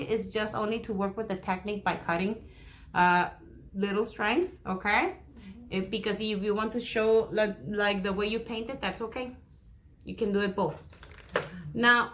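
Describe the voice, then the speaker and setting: A woman's voice: fairly high pitch, a bit bright, slight background noise. A woman teaching a first grade class remotely, guiding a craft activity and reading a picture book aloud while imitating animal sounds. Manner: encouraging, speaks to young children, imitates animal sounds.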